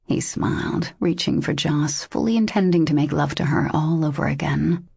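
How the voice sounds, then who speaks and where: A woman narrating a romance audiobook in a steady, measured way. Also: sits low, gravelly, husky, dry recording, clean studio sound. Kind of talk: scripted narration.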